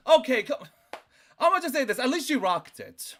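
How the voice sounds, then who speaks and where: A male streamer doing reaction commentary into a desk microphone, talking in an animated, emphatic way with lots of "like". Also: extremely high pitch, moderate pace, a little hiss or hum.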